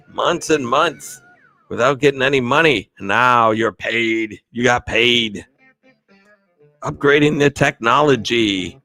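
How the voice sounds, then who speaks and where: A man hosting a casual live stream, a bit tipsy, rambling cheerfully through shout-outs to his viewers, with music playing faintly behind. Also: mid-range voice, takes it slowly, long pauses, no echo. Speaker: livestream host.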